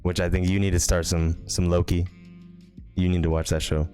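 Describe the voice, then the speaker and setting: A man's voice: low-pitched, little pitch movement, moderate pace, darkish tone, soft background music. A young man co-hosting a podcast, chatting in a laid-back, easygoing way. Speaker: podcast co-host. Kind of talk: casual chat.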